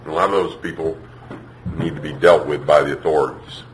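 A man preaching a sermon, emphatic, acting out parents and children in quick put-on voices. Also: very deep voice, fairly even intonation, reverberant, slight background noise, rough recording.

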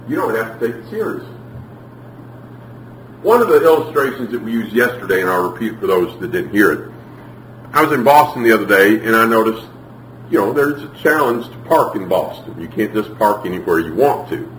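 A man's voice: mid-range voice, fairly bright tone. A man teaching an audience about parenting, telling stories, asking the room questions and acting out little scenes. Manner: storytelling, asks the audience questions, acts out scenes. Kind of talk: preaching to a live audience. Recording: roomy hall, mic at a distance, faint noise.

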